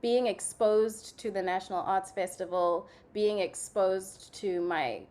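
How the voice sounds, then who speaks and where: A young adult woman from Zimbabwe, a guest in an interview, telling her story in a chatty, animated way full of "like" fillers. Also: mid-range voice, a little slow. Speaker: guest, playwright and actress. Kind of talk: casual conversational interview.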